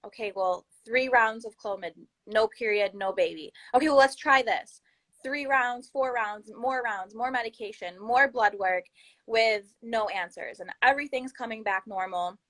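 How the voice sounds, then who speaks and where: Bright-voiced woman telling her story. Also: on the high side, moderate pace, low-quality recording. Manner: earnest, animated storytelling with acted-out quotes. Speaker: guest. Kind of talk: candid personal story in a podcast interview.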